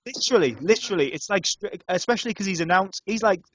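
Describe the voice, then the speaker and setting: This young man sounds a little higher than most men. He talks casually and with animation, tripping over his words and restarting as he goes, into a dry, slightly dull studio mic. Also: fast talker, breathy edge, dry recording. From North Yorkshire, England. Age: young adult. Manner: animated storyteller, restarts and stammers, lively pitch jumps. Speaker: podcast co-host. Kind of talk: casual student radio chat.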